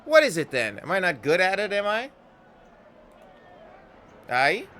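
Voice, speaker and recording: A man voicing a prickly, gruff young woman with a tail in a game, in a blunt voice that tags lines with "it is". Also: high voice, wildly swooping pitch, measured pace, sharp tone, a little hiss or hum, pitched above the performer's own voice, exaggerated voice. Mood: defensive. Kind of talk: reading game dialogue aloud.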